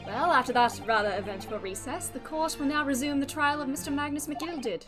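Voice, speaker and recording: A stately older judge presides with formal, ornate diction. A woman reads him aloud in a high voice. Game music runs clearly behind. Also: brisk, natural voice.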